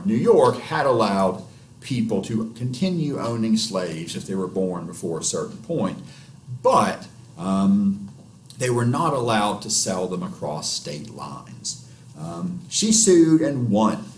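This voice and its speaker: A male history lecturer giving an unscripted class lecture, with many filler pauses. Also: fairly low pitch, animated, slight background noise. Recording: roomy echo, mic at a distance, faint ambience.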